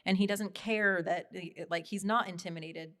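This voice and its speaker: A woman's voice: medium pitch, steady tone, normal speed, a bit bright. A woman in her thirties, a nurse practitioner guesting on a podcast, gushing and laughing easily in casual chat. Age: 30s.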